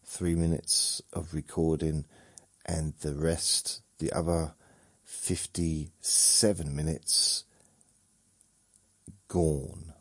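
A man's voice: extremely low pitch, flat delivery, extremely slow, no echo. A man hosting a sleep podcast, rambling drowsily and chuckling at himself. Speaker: podcast host.

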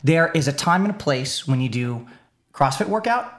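A young man telling a story in a casual chat, animated, repeating words and getting fired up. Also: fairly high pitch, moderate pace. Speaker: streamer, podcast co-host.

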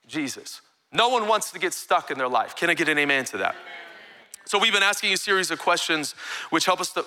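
A man preaching a live sermon as pastor in a church sanctuary, energetic and calling for amens from the congregation. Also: a little high.

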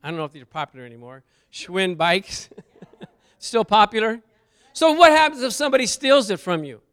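High, bright-voiced male preacher. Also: normal speed, clear, resonant tone. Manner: animated, jokey, asks the congregation questions; bursts into loud praise. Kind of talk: sermon teaching with slides.

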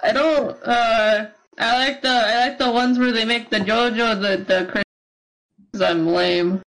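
A woman co-hosting a podcast with a somewhat high voice. She speaks very slowly, in a giggly, laid-back way. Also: fairly even intonation, fairly bright tone, rough recording. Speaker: podcast co-host. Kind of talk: casual group chat.

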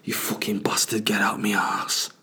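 A man's voice: on the low side, flat delivery, moderate pace, creaky, sharp tone, breathy edge, exaggerated voice. A man acting out a straining, cursing man on a toilet in a strained, groaning whisper.

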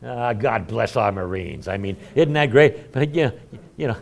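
A man's voice: mid-range voice, lively intonation, moderate pace, vocal fry. A middle-aged man preaching a conversational sermon in a folksy, self-deprecating way, chuckling often. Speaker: pastor.

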